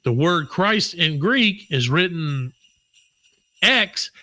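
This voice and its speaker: A man hosting a comedy podcast, his bright, fairly high voice leaping up and down as he reads trivia. He switches between loud outbursts and muttered asides, swearing freely. The sound is dry and close to the mic. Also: slow, dry recording, rough recording. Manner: animated, swings between loud bursts and mutters, profane. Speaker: podcast co-host. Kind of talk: comedic banter reading trivia.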